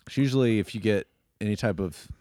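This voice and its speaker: A man co-hosting a casual chat who tells stories haltingly, trailing off mid-sentence. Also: on the low side, warm tone, no room sound, studio quality. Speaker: podcast co-host.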